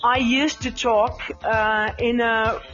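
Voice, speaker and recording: Woman live chat host, mixed British-American accent, rambling chatty talk, slightly high voice, slow pace. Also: little pitch movement, fairly bright tone, highs cut off, soft background music. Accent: mix of British and American English. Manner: chatty, rambling, with frequent fillers and laughs, addressing listeners by name. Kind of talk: casual live chat with listeners.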